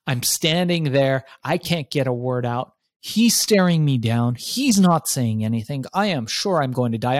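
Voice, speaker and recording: A middle-aged man telling a lively story as an interview guest, acting out his own thoughts and swearing freely. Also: on the high side, dry recording. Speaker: guest entrepreneur. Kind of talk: animated storytelling in conversation.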